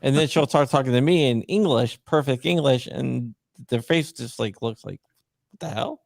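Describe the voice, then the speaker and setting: Gravelly laid-back male host. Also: mid-range voice, normal speed, darkish tone, no echo, clean studio sound. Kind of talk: casual chat.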